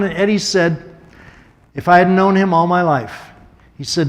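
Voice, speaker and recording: A man's voice: high voice, unhurried, pauses often. Conversational male storyteller. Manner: conversational, anecdotal, with asides. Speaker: guest speaker. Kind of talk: storytelling talk.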